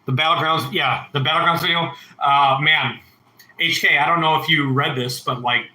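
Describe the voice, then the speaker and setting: A man in his thirties chats loosely with his livestream audience, swearing freely and drifting between stories. His voice is sharp and sits a little high, and the room around him is echoey. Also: fairly even intonation, moderate pace. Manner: rambling, heavy swearing, reads chat aloud. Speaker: livestream host. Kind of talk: casual livestream chat.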